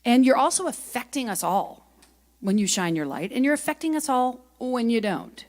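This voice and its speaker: A middle-aged woman giving a lively, chatty spiritual talk at a spiritual center, telling stories and asking her audience questions. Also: on the high side, normal speed. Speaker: guest speaker and singer.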